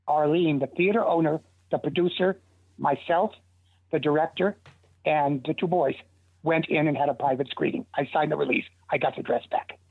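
Older man, gravelly, over a phone line. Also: fairly high pitch, no room sound. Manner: rambling, animated anecdotes with restarts. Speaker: interview guest. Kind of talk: casual storytelling. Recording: tinny dry phone line.

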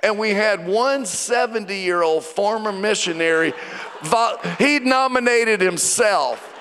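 High-voiced pastor guy preaching in a big church hall, jokey storyteller, long echo. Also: slow, slight background noise. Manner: storytelling with rising excitement and joking asides. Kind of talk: sermon. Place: church auditorium. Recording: long reverb of a large hall.

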